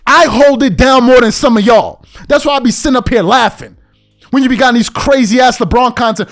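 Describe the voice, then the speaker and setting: High-pitched man ranting, exasperated. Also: brisk, a bit bright, soft background music. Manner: exasperated, repetitive, emphatic. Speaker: podcast host. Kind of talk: heated rant to camera.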